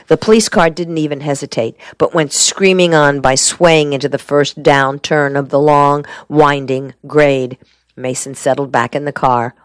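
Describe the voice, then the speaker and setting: A man reading a detective novel and an article aloud in a steady, measured way. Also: on the high side, no room sound. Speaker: reader. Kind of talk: audiobook reading.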